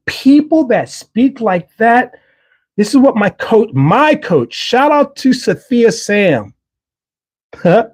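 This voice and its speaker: A man's voice: extremely high pitch, big pitch swings, slow pace. A middle-aged man hosting a livestream, giving an earnest, emphatic faith-based motivational talk and repeating key phrases. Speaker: livestream host.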